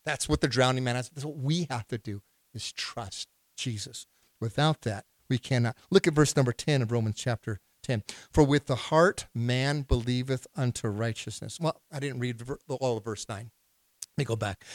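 Pastor, male, mid-pitched; sermon delivery with emphatic outbursts and questions to the pews, dry sound. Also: moderate pace, no room sound. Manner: preaching with rising, emphatic outbursts and questions to the congregation.

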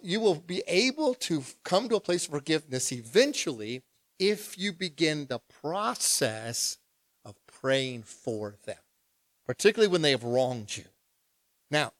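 Lively preaching man, dry sound. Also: fairly high pitch, dry recording. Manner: lively, humorous, conversational preaching with acted prayers. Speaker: pastor. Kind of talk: sermon.

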